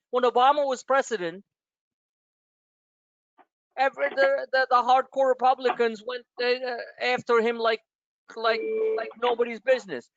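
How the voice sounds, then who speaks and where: A trading coach hosting a live online member Q&A speaks at an extremely high pitch with a somewhat bright voice. He rants and rambles, blunt and profane, addressing his listeners directly. The recording is dry, dull and lo-fi.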